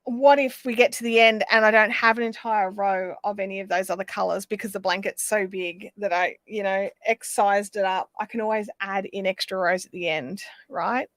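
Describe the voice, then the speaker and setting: A woman's voice: medium pitch, fairly even intonation, moderate pace, few pauses, a bit bright, dry recording. An Australian woman hosting a live craft stream, chatting casually and rambling as she reads out viewer comments.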